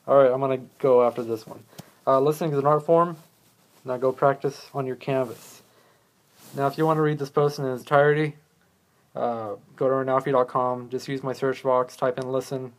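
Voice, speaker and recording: A man's voice: mid-range voice, little pitch movement, a little fast. Man rambling casually with a loose, swearing, self-mocking manner. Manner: rambling, profane, joking at himself. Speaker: podcast host. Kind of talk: casual solo talk on listening skills.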